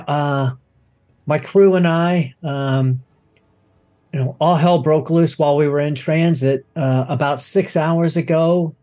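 A man voicing a flustered woman dock supervisor who rambles, halting on fillers. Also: on the high side, dark tone, voice pushed up.

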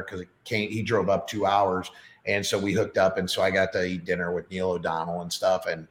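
A man's voice: low voice, flat delivery, moderate pace. Chatty middle-aged man in an echoey room. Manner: chatty storyteller with many fillers. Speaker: podcast guest. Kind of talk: casual chat.

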